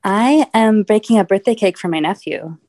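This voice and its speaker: A woman calling in to a comedy game show, chatting casually and laughing softly. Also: mid-range voice, moderate pace, dry recording. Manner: relaxed, laughs softly between answers. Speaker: caller. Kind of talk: casual phone chat.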